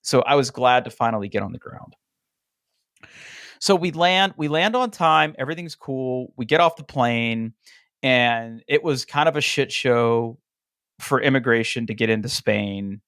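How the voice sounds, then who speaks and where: A man's voice: mid-range voice, measured pace, clean tone, dry recording, studio quality. A man co-hosting a casual podcast, telling a story with lots of filler words and acting out the dialogue of the people in it. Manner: animated storytelling, acts out quoted dialogue; frequent "like" fillers and restarts. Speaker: podcast co-host. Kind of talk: casual chat.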